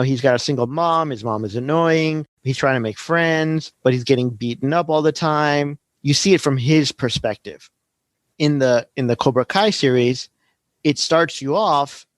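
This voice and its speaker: A man in his forties hosts a podcast, rambling casually through a story in a loose, teaching sort of way and often tossing in "right?". His voice sits in the mid-range, and the recording has no room sound.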